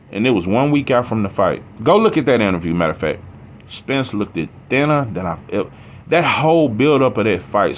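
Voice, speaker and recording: A man's voice: mid-range voice, slight background noise. A man talking boxing in a casual, heated, profane rant, rambling with restarts. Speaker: boxing commentator.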